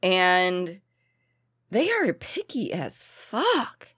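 A woman's voice: on the low side, wildly swooping pitch, very slow, fairly bright tone. A woman in casual podcast chat, blunt and chatty, swearing casually.

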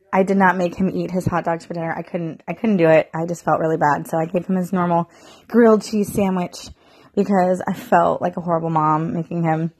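A woman's voice: fairly low pitch, darkish tone, dry recording. A woman in her thirties talking casually to the camera from her bed at home, chatty and rambling, sounding mentally exhausted. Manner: chatty, rambling, lots of "like" and "you know". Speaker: mom vlogger.

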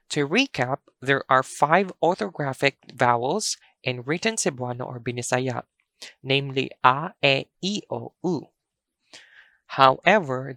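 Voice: mid-range voice, a bit bright, dry recording. A language teacher giving a pronunciation lesson, explaining carefully and drawing out the sample words.

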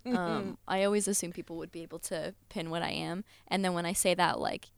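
A young woman with a low, smooth, resonant voice, talking casually as a podcast guest. She rambles with plenty of "like" fillers and easy swearing, recorded close and dry. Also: steady tone, fairly quick, no room sound. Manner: chatty, full of "like" fillers, swears and laughs easily. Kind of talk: casual chat.

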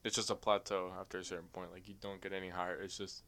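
A man's voice: low voice, little pitch movement, quick pace, a bit bright. A young man talking as a guest on a podcast, loose and rambling, with plenty of fillers. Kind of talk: casual chat.

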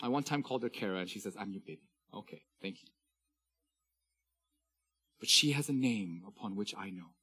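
A man in his thirties, a pastor preaching a sermon, reading scripture slowly and with emphasis. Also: lowish voice, expressive, bright, forceful tone, slightly rough, soft background music.

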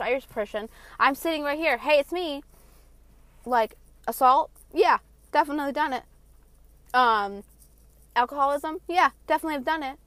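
A woman delivering a heated, profane vlog rant, blunt and passionate, swinging between loud outbursts and quieter asides. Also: high voice, no room sound. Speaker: vlogger. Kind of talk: ranting monologue.

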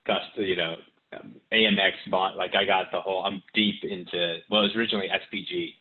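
Low-voiced man on a tinny call line. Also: steady tone, a little fast. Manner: rambling, many fillers and restarts. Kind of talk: casual podcast chat.

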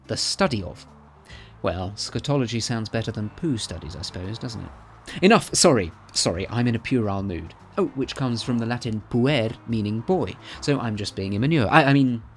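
A man in his thirties hosting a podcast, narrating in a playful, chatty way with theatrical asides. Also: medium pitch. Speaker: podcast host. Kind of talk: scripted comic narration.

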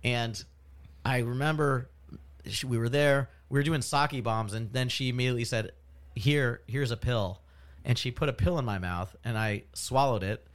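A man who is a guest comedian on a podcast, telling a self-deprecating anecdote in an animated, casual way with bursts of laughter. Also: mid-range voice, normal speed.

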